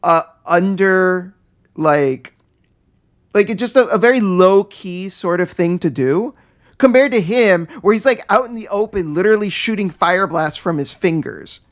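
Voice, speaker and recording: A man chatting on a podcast, animated and swearing freely as he rants. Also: high voice, a little slow. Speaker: podcast co-host. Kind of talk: casual podcast chat.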